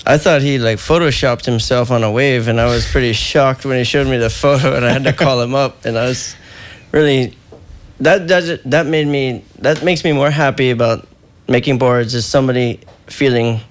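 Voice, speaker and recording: A middle-aged man talks shop in an easygoing, casual way, chuckling often. His voice sits at an ordinary pitch, neither high nor low. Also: steady tone, moderate pace. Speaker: guest surfboard shaper. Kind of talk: casual radio chat. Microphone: phone line.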